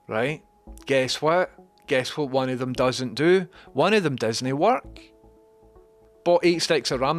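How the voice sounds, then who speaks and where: A man hosting his own livestream in a mid-pitched voice, chatting loosely and drifting into sarcastic, sweary tangents. Faint music plays quietly behind him. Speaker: livestream host. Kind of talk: rambling livestream chat.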